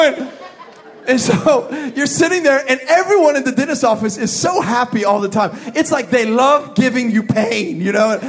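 A young pastor with a high, light voice preaches to his congregation in a lively, comic style. He mimics noises, jokes, then builds to shouted emphasis. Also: fairly quick. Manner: animated storytelling with sound effects and shouted emphasis. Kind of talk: comedic sermon. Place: church service with live congregation.

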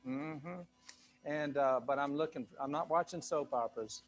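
A man's voice: a little high, normal speed. A male pastor preaching to a live congregation in a loose, conversational way, full of fillers and asides. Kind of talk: sermon. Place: church sanctuary with a live congregation.

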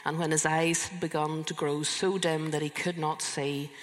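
A woman's voice: deep voice, flat delivery, moderate pace. Earnest woman preaching in a big reverberant hall. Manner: conversational and earnest, with frequent restarts. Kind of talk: sermon with personal testimony. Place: church hall, live congregation. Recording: long reverb of a large hall.

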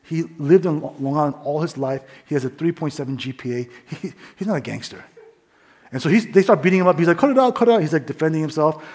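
Husky man telling a sermon story. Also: a little high, fast talker. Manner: storytelling, drops to quiet asides. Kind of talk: sermon testimony.

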